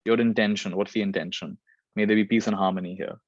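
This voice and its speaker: A man's voice: lowish voice, fairly even intonation, quick pace, dry recording, muffled recording. Brief: man, spiritual teacher, repeats phrases to drive them home, dry close sound. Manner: reflective, repeats phrases for emphasis. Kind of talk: spiritual Q&A talk.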